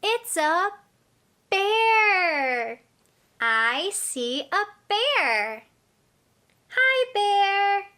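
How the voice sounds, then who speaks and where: A young adult woman teaching toddlers through play, talking in a slow, exaggerated, encouraging sing-song. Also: very high voice, very animated, pushed and bright. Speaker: early-childhood teacher.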